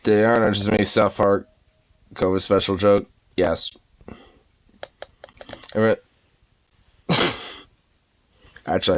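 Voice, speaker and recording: Man, low voice, casual livestream host, excitable, swears, laughs often.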